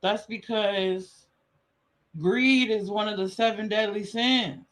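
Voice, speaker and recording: A man streaming casual commentary, relaxed and slangy, laughing often as he reacts to a clip. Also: high-pitched, slow. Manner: laid-back, laughing, slangy banter. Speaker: streamer reviewing a live stream.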